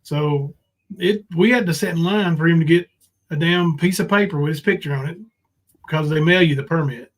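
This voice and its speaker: A man's voice: on the high side, a little fast. A man hosting a livestream, rambling casually and hesitating. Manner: rambling, hesitant, with many fillers.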